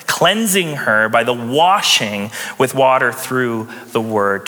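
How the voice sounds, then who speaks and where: Young man preaching, bright and ringing, relaxed and chatty, church reverb behind him. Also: medium pitch. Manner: conversational, chuckles often, light sarcasm. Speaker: pastor. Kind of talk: sermon. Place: church sanctuary.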